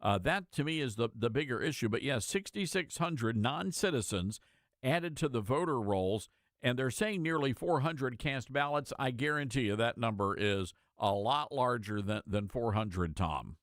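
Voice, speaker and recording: A man's voice: medium pitch, expressive, normal speed, no echo, clean studio sound. A man hosting a call-in radio talk show, chatting in a folksy, friendly way with a caller.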